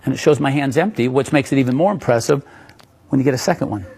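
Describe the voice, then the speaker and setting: A man's voice: mid-range voice, quick pace, gravelly, darkish tone, husky. A man giving a live magic lecture, playful and joking with the audience as he demonstrates tricks.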